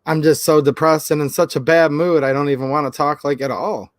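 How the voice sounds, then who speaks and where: A man quoting his depressed wife in a low, flat, quiet mutter. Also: a little fast, no echo, clean studio sound, close to an everyday voice. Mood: gloomy. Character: glum, depressed adult wife, mumbling.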